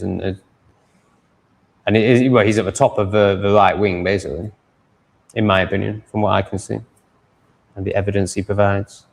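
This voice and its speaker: Rambling man chatting on a livestream. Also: lowish voice. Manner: rambling, chatty, reads viewer comments aloud and answers them. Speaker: livestream host reading chat comments. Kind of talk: casual livestream chat.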